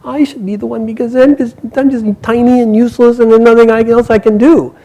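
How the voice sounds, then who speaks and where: A man's voice: very high voice, little pitch movement, a little fast, mellow, muffled recording, pitched above the performer's own voice. A man voicing a small, self-pitying young boy in a told story, pleading to be the one sacrificed.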